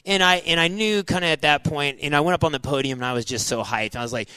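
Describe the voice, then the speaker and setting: Man, 40s, ex-racer guest, casual storyteller, lively delivery, dry close mic. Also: on the high side, fast, clean tone, dry recording. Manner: animated, says "dude" and "like" a lot, acts out his own past thoughts. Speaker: guest, former motocross racer.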